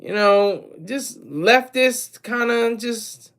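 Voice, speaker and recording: A man with a high, fairly bright voice draws out his words while hosting a relaxed livestream. Energetic and rambling, he restarts sentences and frequently breaks off to talk with the chat.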